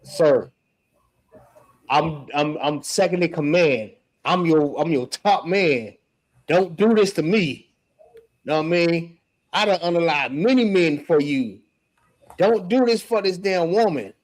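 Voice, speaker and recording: A man's voice: on the high side, animated, a little slow, pauses often. A man voicing a desperate royal official who pleads for his life in slangy street talk. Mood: pleading.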